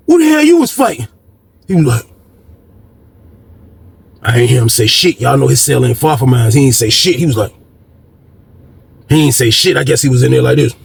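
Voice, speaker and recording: A man's voice: mid-range voice, steady tone, fairly quick, gravelly, pauses often, slight background noise. A man hosting a storytelling video, talking casually and profanely, acting out quoted voices and repeating "man" a lot. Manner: profane, repetitive, keeps saying "man".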